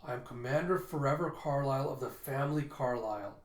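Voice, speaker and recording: Stern female warrior commander, read by a man, slow measured orders, comic read-aloud, roomy echo. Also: medium pitch, lightly acted. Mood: commanding.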